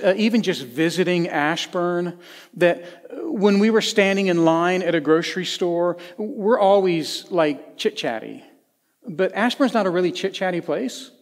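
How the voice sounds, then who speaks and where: A middle-aged man from Tennessee, preaching a sermon in a conversational storytelling way with folksy asides, swinging between lively and hushed. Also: sits high. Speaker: pastor. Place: church sanctuary. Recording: long church hall reverb.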